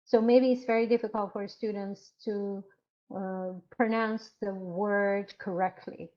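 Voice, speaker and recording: A woman instructor giving an online lecture, explaining slowly with frequent hesitations and fillers. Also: mid-range voice, fairly even intonation, lo-fi sound.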